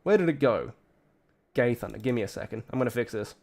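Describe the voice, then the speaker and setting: A man's voice: medium pitch, animated, fast, gravelly, darkish tone. Australian male streamer, crude rambling commentary, cuts himself off, home setup. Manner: rambling, profane, self-interrupting. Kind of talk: casual live-stream commentary.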